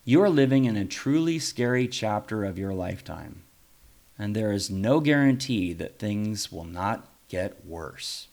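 A man voicing a dignified male reformer in a story reading, with a slightly British tone, calm and consoling. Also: fairly low pitch, measured pace.

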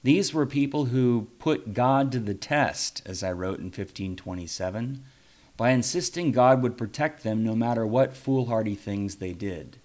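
A man voicing a dignified male reformer in a story reading, with a slightly British tone, calm and consoling. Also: medium pitch, moderate pace, lightly acted.

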